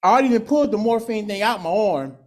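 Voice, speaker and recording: A man's voice: high-pitched, animated, quick pace, darkish tone. A man tells his recovery story to a meeting. He talks candidly and swears freely. He acts out the people in his story as he goes. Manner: candid, profane, storytelling with laughs and acted quotes. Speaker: alumni speaker sharing recovery story. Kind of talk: personal testimony at a recovery meeting.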